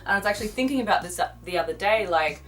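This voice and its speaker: A woman with a softened Australian accent, co-hosting a casual vlog chat, chatty and laughing easily as she explains things carefully. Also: medium pitch, lively intonation, racing, faint music behind. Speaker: vlog co-host.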